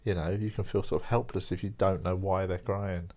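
A young man talks in a deep, low voice, sounding tired as he rambles through a casual solo chat. His manner is wry and self-mocking, like a podcast host thinking out loud. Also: level tone, fairly quick, a little hiss or hum.

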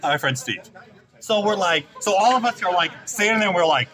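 A man's voice: high-pitched, animated, brisk, sharp tone. A man in his thirties, a podcast host telling a long story in casual chat, rambling and profane with lots of fillers. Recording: crowd chatter behind.

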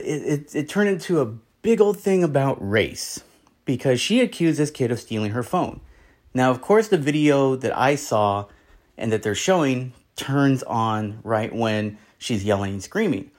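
A man's voice: medium pitch, lively intonation, measured pace. A man hosting a podcast, talking through a news story in a rambling, opinionated way and acting out what people said. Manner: rambling, opinionated, acts out quotes. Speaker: podcast host. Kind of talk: casual commentary monologue.

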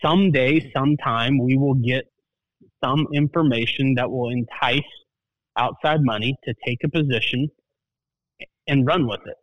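A male market analyst appears as a guest for casual market talk, speaking plainly and in a measured way with folksy turns of phrase. His voice is medium in pitch, with no echo and the highs cut off.

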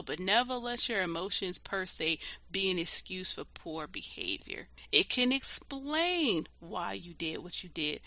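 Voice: mid-range voice, vocal fry, bright, forceful tone, no echo. A podcast host talking alone in a loose, conversational way, blunt and full of swearing, and emphatic and heated when making a point. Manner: loose conversational filler talk. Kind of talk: solo podcast monologue.

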